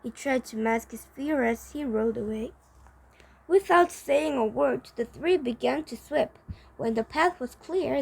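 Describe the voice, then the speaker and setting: A woman's voice: sits high, creaky, a little mellow, low-quality recording. A woman reading a children's story aloud, carefully, with frequent slips and restarts. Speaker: reader.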